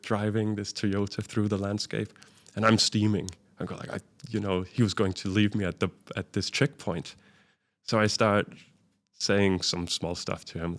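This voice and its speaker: A man, a guest in an interview, telling a vivid travel anecdote and acting out the dialogue he quotes. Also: on the low side. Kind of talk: storytelling in a conversational interview.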